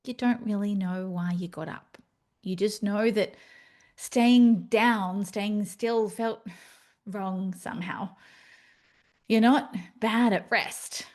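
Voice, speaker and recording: A woman's voice: medium pitch, a little mellow. A woman hosting a solo podcast, talking candidly and animatedly, with playful asides. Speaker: podcast host. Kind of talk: reflective solo podcast monologue.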